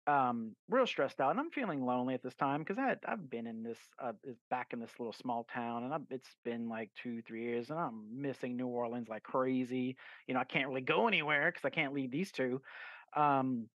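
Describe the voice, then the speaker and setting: A man spins a long, rambling story with plenty of fillers and restarts, acting out what he said along the way. His voice sits in a middle pitch. The sound is dull and lo-fi, in a dry space with no room echo. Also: moderate pace, a bit bright. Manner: acts out his own quoted lines. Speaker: guest author. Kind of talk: casual storytelling in a podcast interview.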